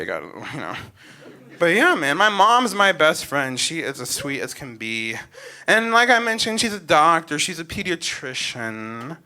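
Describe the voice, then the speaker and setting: A young man from Omaha doing a stand-up comedy set, animated and swinging between quiet asides and loud punchlines. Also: high voice. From North Omaha, Nebraska, USA.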